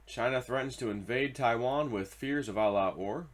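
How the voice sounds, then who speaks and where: Hosting his own commentary video, a mocking, excitable man alternates between loud repeated outbursts and low muttering. His pace is moderate.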